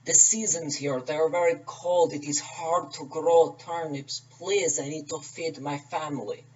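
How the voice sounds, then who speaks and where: A man's voice: fairly even intonation, unhurried, natural voice. A man doing a begging Russian peasant. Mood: pleading. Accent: put-on Russian. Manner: begging, raised pitch. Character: poor pleading male Russian peasant farmer. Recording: distant mic, dull and lo-fi.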